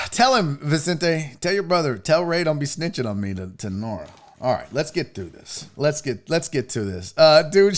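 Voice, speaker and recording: A high-voiced man hosts a live sports stream, chatting loosely with his viewers. His pitch swings widely as he jokes, swears and tells stories about home. The talk is quick and playful. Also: slight background noise. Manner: animated, profane, joking with chat. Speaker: host of a live sports show. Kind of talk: casual live-stream chat.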